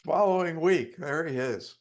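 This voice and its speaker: A man who teaches hypnosis tells a story in a course lesson, in a casual, profane and animated way. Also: a little high, a little slow. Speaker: hypnosis instructor.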